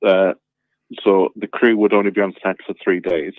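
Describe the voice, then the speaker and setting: Low-voiced man over a tinny phone line. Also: moderate pace, no echo. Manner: relaxed storytelling, many fillers. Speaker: caller. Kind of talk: casual phone chat.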